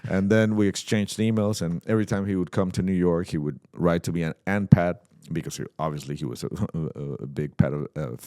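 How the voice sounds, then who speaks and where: A man's voice: sits low, fairly quick, hardly any pauses, no echo, studio quality. A middle-aged man from Mexico, a guest telling stories in a casual interview and acting out the dialogue. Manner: animated storyteller who acts out dialogue. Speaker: guest musician. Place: podcast set at a trade show.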